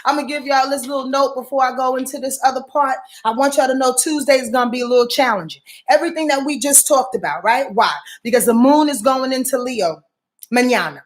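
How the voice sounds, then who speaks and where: New lady in her late 40s, high voice, cussing and preaching her weekly astrology rundown, says things twice. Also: fast. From New York. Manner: emphatic, profane, preachy, repeats phrases.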